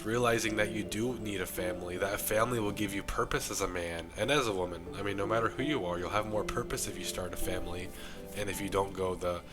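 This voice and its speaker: A young man with a rough, strained voice from the flu, giving an impassioned self-improvement monologue to camera. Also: on the low side. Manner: preachy, impassioned. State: sick, losing his voice.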